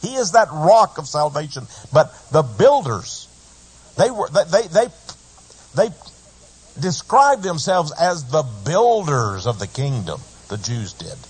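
A man preaching a radio sermon in an impassioned, emphatic way, with a husky voice. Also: on the high side, big pitch swings, a little slow. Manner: impassioned, emphatic, rising and falling.

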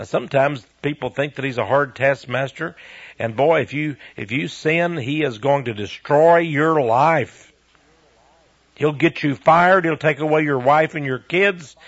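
An older man hosting a Christian show, giving a folksy devotional talk with homespun stories, soft chuckles and earnest asides. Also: medium pitch, slightly rough, dry recording, muffled recording.

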